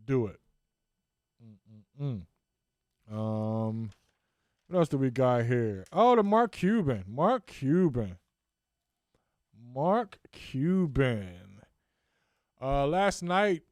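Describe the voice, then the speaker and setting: A man's voice: medium pitch, a little mellow, clear, resonant tone, no room sound, studio quality. A man hosting a solo podcast, rambling and joking in a casual monologue with restarts. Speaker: podcast host.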